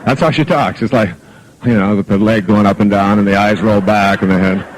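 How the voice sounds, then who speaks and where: A man's voice: on the low side, fairly even intonation, a little fast, rough recording. A middle-aged man delivers a self-help talk to a live audience. He tells jokey personal anecdotes and acts out the lines of the people in them. The sound comes from an old archive recording.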